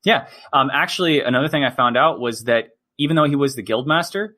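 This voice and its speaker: A man's voice: mid-range voice, quick pace, sharp tone. A man co-hosting a podcast, talking in a chatty, explanatory way. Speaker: podcast co-host. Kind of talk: casual discussion.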